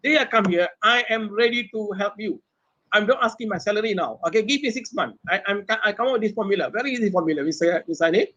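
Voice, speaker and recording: Man, middle-aged, Malaysian English accent, professor, panel talk, animated, rhetorical questions, high voice, dull lo-fi call audio. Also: fast talker. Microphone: webinar video call mic.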